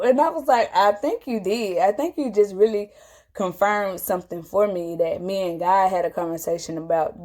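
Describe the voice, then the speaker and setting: A woman telling a personal story to camera, animated and emotional, her voice jumping high when she quotes herself. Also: moderate pace. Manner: animated, jumps high when quoting herself, tearful at moments.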